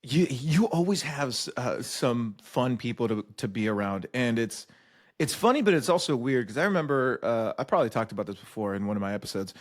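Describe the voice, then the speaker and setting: Male host, mid pitch, lively and profane storyteller. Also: a little fast. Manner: animated storyteller, swears freely. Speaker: podcast host. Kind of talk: casual conversation, storytelling.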